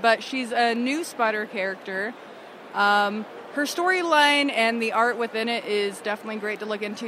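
A woman interviewed outdoors at a convention, speaking haltingly with fillers. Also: fairly high pitch, sharp tone, slight background noise. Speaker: interviewed cosplayer. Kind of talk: street interview.

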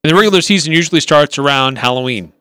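A man's voice: a little high, expressive, very fast, pushed and bright, smooth, no echo. A man co-hosting a casual sports talk radio show in a studio, easygoing and teasing. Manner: easygoing, laughs often, teasing. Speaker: radio co-host.

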